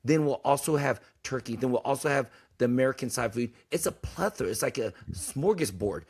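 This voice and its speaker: Man, podcast host, husky voice, blunt, emphatic, preachy, casual talk. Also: medium pitch, expressive, brisk, darkish tone. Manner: swears freely.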